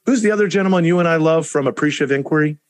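A man's voice: a little high, rapid-fire, no room sound. A man hosting a podcast in enthusiastic, rambling casual chat. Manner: enthusiastic, talks in long rambling runs. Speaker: podcast host.

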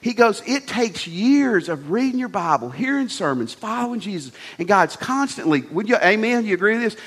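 A middle-aged man, preaching a sermon with animated, folksy storytelling and repeated phrases. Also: high voice, husky. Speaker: pastor.

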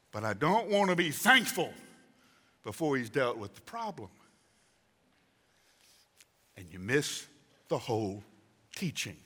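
A man's voice: mid-range voice, very animated, takes it slowly, pauses often, bright, forceful tone. A man in his sixties preaching a conversational sermon as pastor, acting out voices for emphasis. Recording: reverberant hall.

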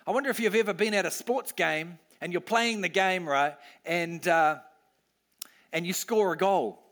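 Animated high-voiced male pastor preaching. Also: normal speed. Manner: animated, acts out cheering crowd voices. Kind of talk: sermon.

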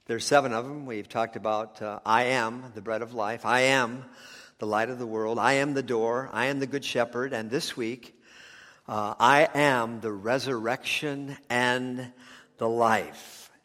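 A man preaching a sermon as pastor, emphatic and rising to loud peaks. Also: mid-range voice, fairly even intonation, measured pace. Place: church sanctuary. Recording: long church reverb.

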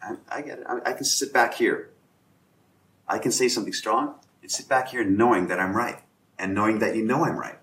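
A man with a very low voice talks through a casual round-table discussion. He acts out both sides of the exchanges he describes. The room around him rings with echo. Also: brisk, a bit bright. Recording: echoey room.

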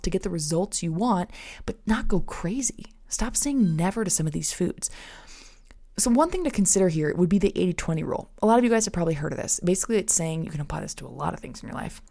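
Fast and expressive, with a lowish, dark voice, a woman in her thirties talks to listeners as friends on her faith-based nutrition podcast. She slips into asides where she acts out little inner voices.

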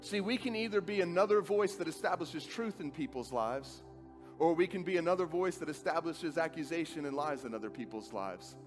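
A man preaching with earnest drama, his voice sitting a little high for a man. He acts out dialogue and sinks into soft, hushed stretches. Faint music plays underneath. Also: brisk. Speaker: pastor. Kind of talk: sermon.

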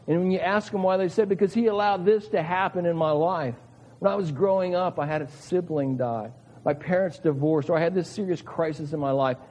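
A man's voice: fairly high pitch, dark tone, slightly rough. Preaching man in a reverberant hall. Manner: earnest preaching with dramatic rises. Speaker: pastor. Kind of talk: sermon.

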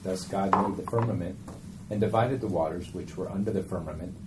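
A man in a Bible class reading a scripture passage aloud in a plain, steady way. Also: deep voice, a little fast, roomy sound. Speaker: class member. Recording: distant voice with room noise.

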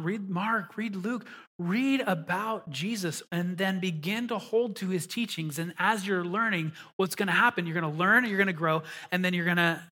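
A male pastor with a high, bright voice preaches in a loose, conversational way. He reads scripture slowly and deliberately, then breaks into animated asides. The tone is crisp and forward. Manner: slow deliberate reading of scripture. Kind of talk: sermon with scripture reading.

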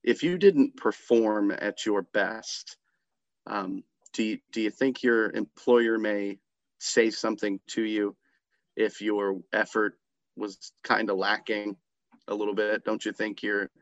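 A man with a lowish voice co-hosting a casual sports podcast, laying out his case earnestly. The recording is dull and lo-fi, with a dry, close sound. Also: fairly even intonation, slow pace, no room sound. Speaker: podcast co-host.

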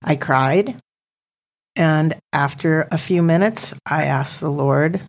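A middle-aged woman tells her story as a podcast guest, in a lowish voice with a gravelly edge. She acts out her prayers with rising emotion and speaks earnestly. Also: takes it slowly. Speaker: ministry founder, guest. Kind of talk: testimony in a podcast interview.

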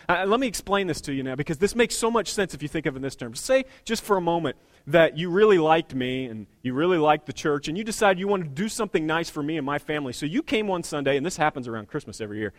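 A man with a fairly high voice preaches in a relaxed, conversational way, teasing the congregation with quick jokes. He drags out key words to hammer home a point. The sound is dry and close. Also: dry recording. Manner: conversational preaching, joking asides, slowing for emphasis. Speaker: pastor. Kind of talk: sermon.

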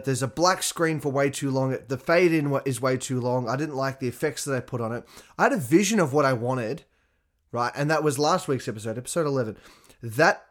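Animated young man podcasting. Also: medium pitch. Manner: animated, swears freely, frequent asides to listeners. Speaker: podcast host. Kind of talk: casual solo podcast talk.

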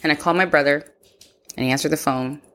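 Her tone is steady and fairly bright, her voice low, and her pace quick. As a podcast host, she recounts something from her own life thoughtfully, voicing the conversations as she recalls them.

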